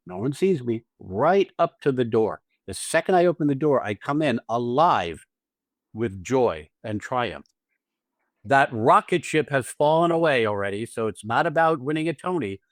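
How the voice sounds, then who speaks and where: A man's voice: mid-range voice, lively intonation, measured pace, no echo, studio quality. A man hosting a podcast as an acting teacher, talking casually and animatedly, swearing freely and acting out little scenes with quoted lines.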